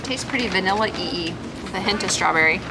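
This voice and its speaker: A woman's voice: medium pitch, a little fast. A mother from Florida chatting casually to camera in a family vlog, giggly and easygoing. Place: at home and in a car. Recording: noticeable background noise.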